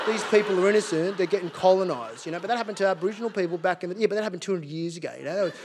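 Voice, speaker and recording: High-voiced Australian man doing stand-up. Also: very fast, few pauses. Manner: lively, mocking, acts out voices of others. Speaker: stand-up comedian. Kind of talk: stand-up comedy set. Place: large theatre, live audience. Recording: live theatre set with faint background noise.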